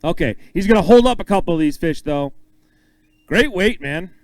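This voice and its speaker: A man emceeing a bass-fishing weigh-in on an outdoor stage, upbeat and joking with the anglers as he calls out names and weights. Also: animated, normal speed, a little mellow, dry recording, poor audio. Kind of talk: live emcee announcing with banter.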